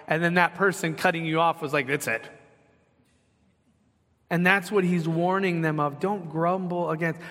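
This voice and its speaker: Long reverb fills the church sanctuary as a middle-aged pastor delivers his sermon in a talkative way, putting questions to those gathered. He has a high-pitched, somewhat bright voice.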